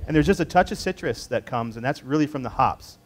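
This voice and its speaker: A man's voice: mid-range voice, expressive, fast talker, breathy edge. A man in his thirties leading a beer tasting class, talking casually with fillers and restarts as he tells a personal story. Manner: conversational, rambling with fillers and restarts. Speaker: beer importer representative presenting a tasting.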